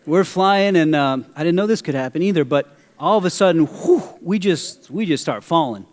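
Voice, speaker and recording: A middle-aged male pastor preaching a sermon, animated as he tells a story and questions the audience. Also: on the high side, normal speed. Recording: long hall reverb.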